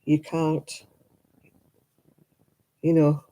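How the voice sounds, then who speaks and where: Stream host, male, slightly high and very mellow, easy chatty delivery with frequent laughs. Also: completely flat delivery, very slow. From Manchester, England. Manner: chatty, laughs often, reads out viewer comments. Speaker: host of a crafting livestream. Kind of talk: casual chat answering viewers.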